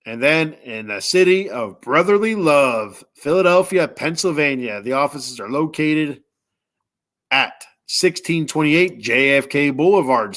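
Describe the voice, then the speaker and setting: A man hosting a sports podcast, reading sponsor spots casually with lots of fillers and slow, careful reading of phone numbers. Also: a little high, a bit bright. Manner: rambling, filler-heavy, tired; reads numbers slowly and deliberately. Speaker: podcast host.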